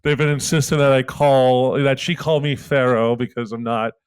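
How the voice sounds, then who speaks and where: A man's voice: medium pitch, fairly even intonation, normal speed, background noise. A man co-hosting a comedy podcast, rambling and joking, laughing often as he talks. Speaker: podcast co-host. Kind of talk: casual comedic banter.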